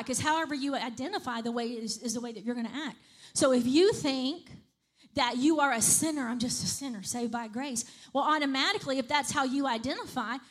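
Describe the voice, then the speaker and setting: Brief: woman preacher, high voice, chatty sermon delivery that keeps asking "right?". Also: fairly bright tone. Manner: conversational, repeats "right?" and "okay?" to the congregation.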